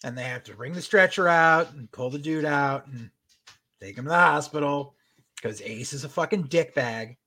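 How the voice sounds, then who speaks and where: A man's voice: on the high side, normal speed. A man co-hosting a podcast, recapping a show in casual chat, swearing a lot and acting out what characters said. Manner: animated, swears constantly, acts out quotes. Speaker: podcast co-host.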